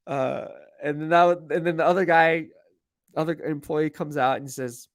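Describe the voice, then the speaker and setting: A man's voice: on the high side, steady tone, normal speed, no echo, studio quality. Rambling man hosting a live Q&A. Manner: rambling, self-deprecating storyteller. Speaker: sports team reporter. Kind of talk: casual live-stream Q&A. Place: media workroom at team headquarters.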